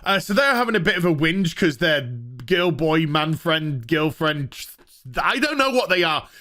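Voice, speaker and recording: A man with a high, bright voice rants about a TV episode, full of sarcasm and swearing. He chuckles at his own jokes and breaks into loud outbursts, and his tone is sharp and forceful. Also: big pitch swings, measured pace. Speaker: TV show reviewer. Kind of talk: ranting casual commentary.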